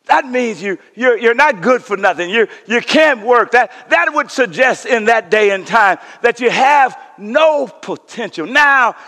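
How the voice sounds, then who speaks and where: A man preaching a sermon as pastor, using call-and-response and repeated refrains, swinging from shouted peaks to hushed near-whispers, in a church sanctuary. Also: very high voice, expressive, a little slow, few pauses. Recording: long hall reverb of a sanctuary.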